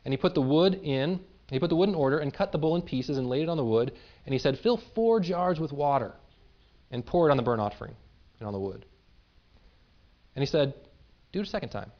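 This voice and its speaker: Man, preacher, sermon, scripture reading, casual paraphrase, middle pitch, muffled lo-fi recording. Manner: retells scripture in lively everyday paraphrase. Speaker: pastor.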